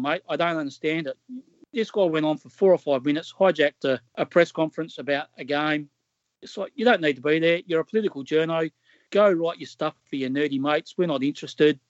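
A man's voice: on the high side, no echo. An Australian man co-hosting a sports podcast, mocking and ranting. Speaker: podcast co-host. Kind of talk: casual sports chat. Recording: dry, dull lo-fi mic.

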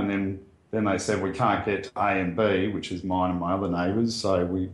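An Australian guest recalls a bushfire story in a casual, plain and earnest way, often pausing with ums and restarting his sentences. His voice is a little low with little pitch movement, and the room gives off a noticeable echo.

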